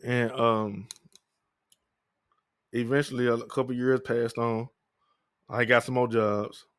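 A young man telling his life story in a candid, profane, rambling way, often low-key and downcast. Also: flat delivery, takes it slowly, clear, resonant tone, no room sound, clean studio sound. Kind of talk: personal storytelling monologue.

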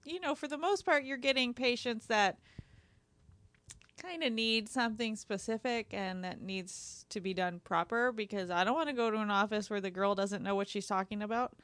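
A woman's voice: on the high side, moderate pace, fairly bright tone, no echo. Frank woman giving blunt advice. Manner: frank, chatty, laughs often. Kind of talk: casual chat, giving advice.

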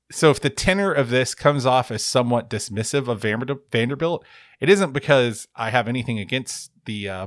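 A man's voice: mid-range voice, fairly bright tone, no room sound, clean studio sound. A man co-hosting a sports podcast, chatting in a wry, rambling way and often correcting himself. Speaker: podcast co-host. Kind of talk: casual sports chat.

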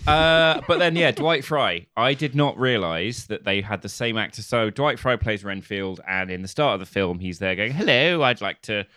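A man co-hosting a casual film podcast, animated, joking and swearing freely. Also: lowish voice, moderate pace, few pauses, no echo. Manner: animated, profane, jokey. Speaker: podcast co-host.

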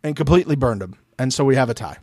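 A man's voice: mid-range voice, racing, no echo, clean studio sound. A man co-hosting a podcast, recapping a reality show in casual chat, swearing and acting out what people said. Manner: animated, swearing, acts out quotes. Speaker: podcast co-host.

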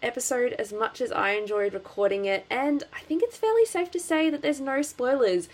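A woman with an Australian accent hosting a podcast, chatting casually with many ums and restarts. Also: mid-range voice. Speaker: podcast host. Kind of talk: casual chat.

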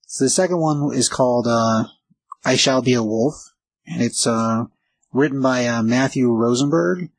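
Gravelly husky dude thinking out loud about a comic, dry sound. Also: male voice, mid-range voice, normal speed, poor audio. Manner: hesitant, thinking aloud. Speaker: podcast co-host. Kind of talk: casual comic book review.

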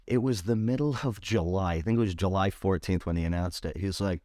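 A man with a Rhode Island accent chats on a podcast in a lowish voice. He tells stories with a lot of animation and leaps up in pitch when he quotes others. The sound is dry and close to the mic. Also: a little fast, hardly any pauses, dry recording. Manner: animated storyteller, jumps high when quoting others. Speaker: podcast co-host. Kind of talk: casual chat.

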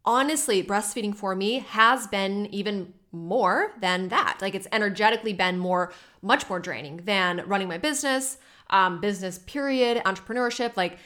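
A young adult woman hosting her own podcast, talking unscripted and candidly with chatty, animated asides. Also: mid-range voice, normal speed. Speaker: podcast host. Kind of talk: unscripted solo podcast talk.

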